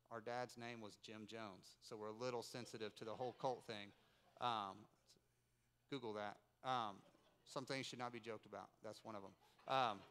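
This pastor, a man in his forties from North Carolina, has a smooth voice on the high side. During a church service in a rented building, he delivers a sermon full of animated storytelling and playful asides.

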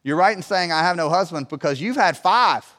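A man's voice: high-pitched, animated, fairly quick, a bit bright. A male preacher voicing Jesus in plain, reassuring paraphrase within his sermon. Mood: assuring. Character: Jesus, a gentle, knowing adult man speaking kindly. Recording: long reverb of a large hall.

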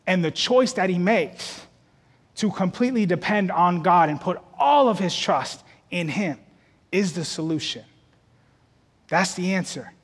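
A man's voice: high voice, animated, a little slow, husky, in a large hall. A man preaching a sermon as pastor of a church, repeating words as he builds toward emphatic peaks.

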